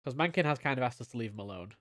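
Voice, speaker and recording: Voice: mid-range voice, animated, very fast, a bit bright, slight background noise. Young streamer rambling through a game, goofy and melodramatic, voice all over the place. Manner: playful, mock-melodramatic. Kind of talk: casual live-stream commentary.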